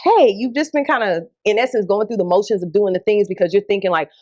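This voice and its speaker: A woman's voice: medium pitch, fast, darkish tone, no echo, muffled recording. Woman guest, conversational storyteller, dry recording. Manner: storytelling, quoting others in her own voice. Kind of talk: casual storytelling.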